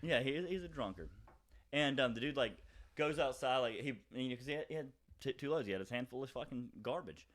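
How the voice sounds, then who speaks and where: A man's voice: medium pitch, expressive, a bit bright. A young man, a podcast co-host, telling a rambling story in casual chat with lots of fillers. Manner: rambling, fast, many fillers and acted quotes.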